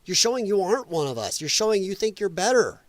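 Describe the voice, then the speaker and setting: A man's voice: high-pitched, big pitch swings, quick pace, no room sound. A man hosting a livestream from home, ranting in casual political commentary and putting on mocking voices. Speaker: livestream host. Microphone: headset.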